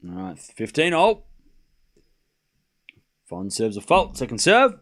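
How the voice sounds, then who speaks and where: Lively, animated man calling tennis scores. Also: lowish voice, slow. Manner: casual, swears freely, laughs often; calls scores between chatty asides. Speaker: stream host. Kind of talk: live sports watchalong commentary.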